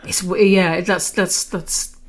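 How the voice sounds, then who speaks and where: A woman's voice: on the low side, fairly even intonation, slow pace. A middle-aged woman interviewing in casual conversation, chatty with self-deprecating humour.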